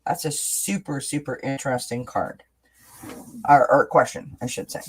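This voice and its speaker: A medium-pitched, slightly rough voice moving at a moderate pace belongs to a tarot reader hosting a live reading. She chats casually, keeps checking in with "right?", and often repeats words or restarts sentences as she talks through the livestream reading.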